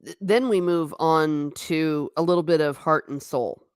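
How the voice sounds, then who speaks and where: A woman with a low-pitched voice chats her way through a TV review on a live stream, slipping into the characters' lines as she retells scenes. The sound is dry and close, with no room echo. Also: measured pace, clean tone. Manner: animated, acts out quotes from scenes. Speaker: TV show reviewer.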